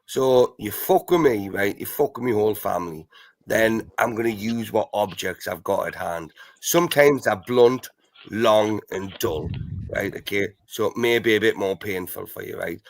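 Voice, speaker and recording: A man's voice: on the low side, normal speed, vocal fry, no room sound. A man hosting a casual panel chat, brash and profane, who keeps tagging his sentences with "right, okay". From Britain. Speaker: host.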